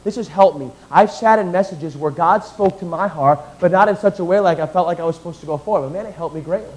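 A man preaching a sermon who swings from quiet asides to loud, drawn-out emphatic lines and reads scripture aloud. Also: sits high, rough recording. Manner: reads scripture in King James wording.

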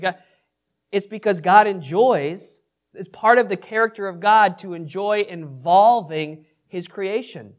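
A man leading a Bible study in a casual, conversational way, often asking the group questions and adding self-deprecating asides. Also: high voice. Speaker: pastor teaching a Bible study. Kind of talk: casual interactive Bible teaching.

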